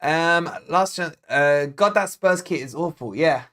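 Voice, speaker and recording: A man's voice: a little high, measured pace, fairly bright tone. A man with a Scottish accent, born in Scotland, hosting a live football watch-along in a loose, jokey way and chatting back to viewer comments as he goes. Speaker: football fan channel host.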